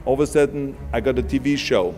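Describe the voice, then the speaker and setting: A man's voice: mid-range voice, fast, darkish tone. A man with an Austrian accent giving an emphatic, punchy motivational speech, with long hall reverb and music behind. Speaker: motivational speaker.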